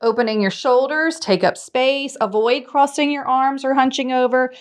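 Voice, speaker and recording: A woman co-hosting a podcast, with a slightly high voice. She gives advice emphatically, like a coach, and drives her points home by repeating key phrases. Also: normal speed. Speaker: podcast co-host. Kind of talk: casual chat.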